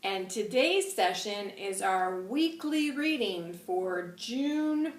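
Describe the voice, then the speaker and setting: A woman's voice: medium pitch, lively intonation, slow, few pauses. A woman hosting a channelling show, chatting casually in a rambling way while chewing gum, her throat dry and sore. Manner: chatty, rambling, self-deprecating. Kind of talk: casual spiritual reading chat. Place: room at home by a window. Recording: roomy, distant mic with faint noise.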